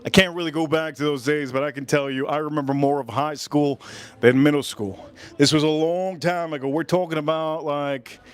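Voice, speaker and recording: A man in his forties from the United States talks loosely to his livestream audience while he cooks, with a voice pitched a little above most men's. He rambles, circles back and repeats the same phrases while he hunts for the next words. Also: fairly even intonation, moderate pace, clean tone. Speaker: livestream cooking host. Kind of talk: casual livestream chat.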